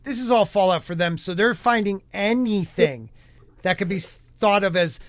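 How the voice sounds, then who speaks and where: Casting: male podcast host, fairly high voice, dry close sound, loose rambling delivery. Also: normal speed, dry recording. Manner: chatty, rambling with many fillers. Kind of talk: casual podcast chat.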